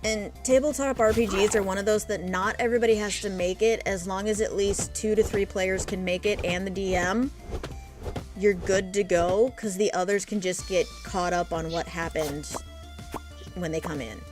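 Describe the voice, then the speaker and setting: A woman's voice: mid-range voice, fairly even intonation, normal speed, over music. A woman with a Midwestern accent, streaming a game and chatting casually with friends, thinking aloud as she plays. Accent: American Midwestern. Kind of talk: casual chat while gaming.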